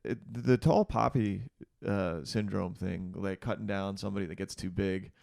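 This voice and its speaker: A man hosts a casual podcast interview, his fairly low voice carrying a gravelly edge. He asks eager, laid-back questions and swears easily. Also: steady tone, moderate pace, a little mellow. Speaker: podcast host.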